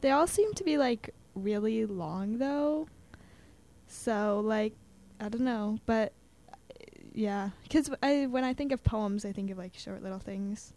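A woman's voice: medium pitch, unhurried, mellow. A young woman chatting casually as a student guest, with lots of fillers, acting out little quotes as she talks. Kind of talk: casual chat about poetry.

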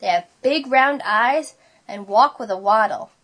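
A woman voicing an eager young boy cat in a storybook, excitable and full of enthusiasm. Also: a little high, measured pace. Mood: excited.

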